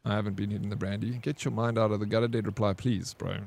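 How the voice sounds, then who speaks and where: A man's voice: lowish voice, little pitch movement, quick pace, gravelly, a little mellow. A man with a South African accent talks loosely to his stream while he plays. He greets viewers by name and swears freely, in an easygoing, chatty way. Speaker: game streamer. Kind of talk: casual live-stream chat.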